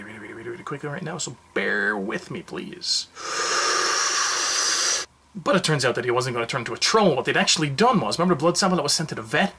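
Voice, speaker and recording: A man giving a casual, jokey movie review, telling the story in a rambling, animated way. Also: mid-range voice, breathy edge.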